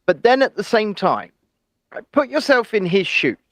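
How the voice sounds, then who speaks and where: A man's voice: sits high, very animated, unhurried, a bit bright, no echo. A man co-hosting a casual news chat show, talking in an opinionated, chatty way with hedging asides. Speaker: co-host.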